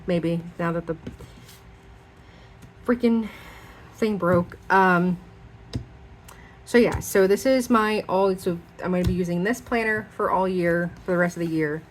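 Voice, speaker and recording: A young woman talks through her planner setup in a relaxed, rambling way. Her voice sits a little low, and she fills it with "um" and "like." A faint hum of room ambience sits under her. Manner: chatty, rambling, with many fillers. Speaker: planner vlogger. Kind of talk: casual show-and-tell chat.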